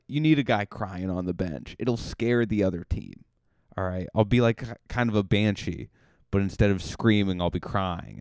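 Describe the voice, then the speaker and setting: Low-voiced joking podcast man. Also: a little mellow, clean tone, no room sound, studio quality. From Cape Cod, Massachusetts. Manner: joking, rambling, self-deprecating. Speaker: podcast host. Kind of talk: comedic monologue.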